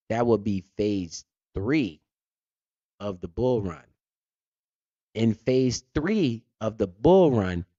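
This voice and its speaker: A man's voice: mid-range voice, a little mellow, no echo, muffled recording. A man hosting a casual crypto livestream, telling stories animatedly with lots of slang and swearing. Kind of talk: casual profane livestream talk.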